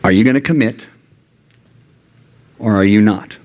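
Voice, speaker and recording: A young adult man giving an earnest youth sermon in a church youth room, often jumping into high, animated voices when quoting God and himself. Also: measured pace. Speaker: youth pastor.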